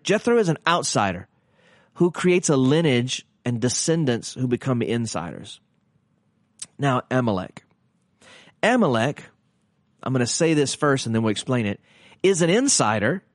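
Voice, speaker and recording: A fairly high-voiced man talks through a podcast teaching in a casual, earnest way. He restarts sentences often and leans on rhetorical questions. The recording is close and dry. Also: dry recording.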